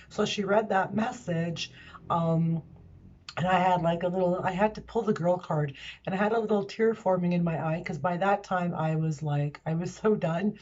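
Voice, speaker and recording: A woman's voice: fairly low pitch, normal speed, highs cut off. A woman in her sixties telling a travel story in a casual, emotional vlog, acting out the dialogue. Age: 60s. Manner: animated, emotional retelling with quoted dialogue. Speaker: vlogger.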